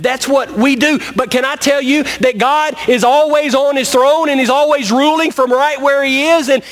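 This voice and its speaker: A man preaching in a church, emphatic and repetitive, speaking straight to his listeners as friends. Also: high-pitched. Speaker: pastor. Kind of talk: sermon.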